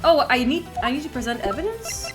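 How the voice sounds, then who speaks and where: A woman's voice: high-pitched, huge pitch swings, a little fast. A woman streamer chatting and joking casually as she plays through a game. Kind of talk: casual gameplay commentary. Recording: game music behind voice.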